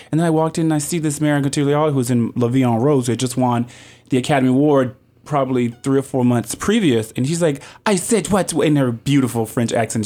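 A man in the guest seat, telling a story in a loose, chatty way. His voice leaps up when he acts out what others said, then settles back to a middle pitch. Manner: animated, quick pitch jumps when quoting people. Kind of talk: casual storytelling.

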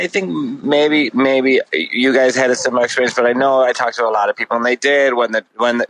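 A man's voice: mid-range voice, fairly bright tone, no room sound, poor audio. A middle-aged man from Wisconsin, a guest musician telling a story in a casual podcast chat, rambling with lots of "like" fillers and frequent swearing.

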